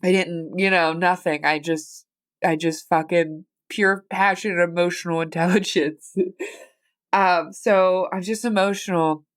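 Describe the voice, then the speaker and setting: A woman's voice: on the low side, steady tone, measured pace. Rambling, candid American woman podcaster. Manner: candid, rambling, swears casually. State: emotional, teary, stuffy nose. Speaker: podcast host. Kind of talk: personal solo podcast chat.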